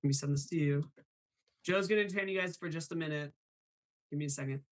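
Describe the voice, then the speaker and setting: A man's voice: a little high, fairly quick. A man hosting a live show, chatting casually and apologetic, laughing often, with a guest on a call. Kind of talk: casual live-stream chat. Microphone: remote call over the internet.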